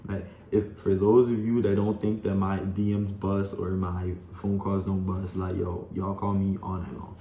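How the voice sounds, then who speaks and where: A man's voice: low voice, little pitch movement, moderate pace, hardly any pauses, mellow, muffled recording. A young man telling a personal story to his viewers, rambling and full of "like" and "you know". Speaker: vlogger. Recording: echoey room with faint background hum.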